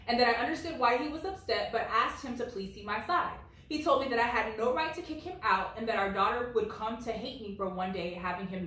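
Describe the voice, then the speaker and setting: Woman, late 20s, reads reddit stories with blunt commentary, animated, lots of "like", very echoey room. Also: fairly high pitch. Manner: blunt and animated, heavy use of "like". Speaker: reddit story reader. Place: at home. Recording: very echoey room, far from mic.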